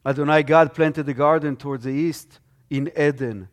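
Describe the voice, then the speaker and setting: A man's voice: on the high side, steady tone, moderate pace. A man preaching a sermon with strong emphasis, his voice swelling and dropping.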